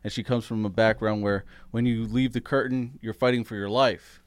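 A man's voice: lowish voice, steady tone, normal speed, no echo. A man co-hosting a casual wrestling talk show, easygoing and swearing casually. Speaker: co-host.

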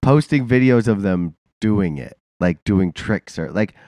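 A man's voice: on the low side, a little slow, darkish tone, dry recording. A man with a congested, nasal voice from a sinus infection, co-hosting a casual podcast chat, rambling with lots of fillers and laughs. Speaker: podcast co-host.

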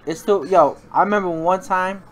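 A man hosting a casual podcast with friends. He laughs loudly and swears often. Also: high voice, moderate pace, a crowd in the background. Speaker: podcast host. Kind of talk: casual chat among friends.

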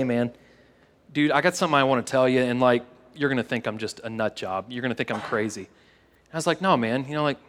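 Earnest pastor in a reverberant hall. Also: male voice, a little high. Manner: casual, earnest, repeats words, drops to a hush in prayer. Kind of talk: sermon with personal story and prayer. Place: church sanctuary, live service.

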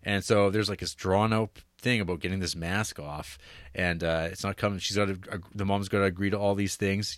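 A man's voice: low-pitched, steady tone, brisk, dry recording, clean studio sound. A young man casually retelling a film's story, full of fillers, restarts and "like". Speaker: podcast co-host. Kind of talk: casual movie discussion.

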